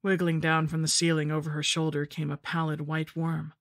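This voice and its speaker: A woman reading a first-person horror story in a steady, measured narration. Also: low-pitched, dry recording, clean studio sound.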